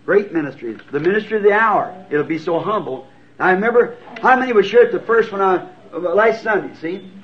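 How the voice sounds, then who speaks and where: High-voiced Southern preacher on old tape. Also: male voice, brisk. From United States. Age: 50s. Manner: earnest, folksy, self-deprecating. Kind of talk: sermon answering written questions. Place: church sanctuary. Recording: dull lo-fi tape recording. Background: congregation answering amen.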